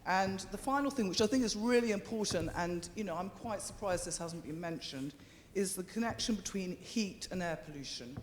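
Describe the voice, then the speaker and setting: A man giving an impassioned public statement to a committee, urgent and halting with fillers and restarts. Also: high voice, big-room sound, slight background noise. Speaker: member of the public speaking to a committee. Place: large meeting chamber.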